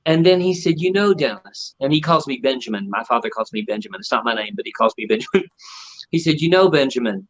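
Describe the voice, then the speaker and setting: A man's voice: mid-range voice, quick pace. A middle-aged man, a ventriloquist, telling stories in an interview and acting out the voices of the people in them. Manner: animated storyteller acting out quotes. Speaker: ventriloquist guest. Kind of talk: storytelling interview. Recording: muffled lo-fi audio.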